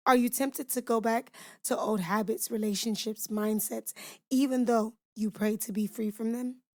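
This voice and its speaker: Her voice sits on the high side and has a slightly mellow quality, captured cleanly in the studio with no room sound. She runs a devotional podcast, preaching scripture emphatically, asking rhetorical questions, and speaking informally straight to her listeners.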